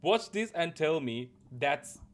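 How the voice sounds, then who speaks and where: A man's voice: on the high side, big pitch swings, slow pace, a little hiss or hum. A man streaming, chatting casually and jokingly with his viewers and swearing a lot. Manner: laid-back, joking, swears a lot, talks to chat. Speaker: gaming streamer. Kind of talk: casual live-stream chat.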